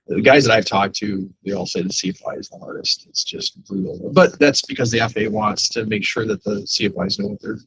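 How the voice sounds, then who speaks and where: A man instructing a class in a casual, halting way with many fillers. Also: lowish voice, steady tone, noisy background.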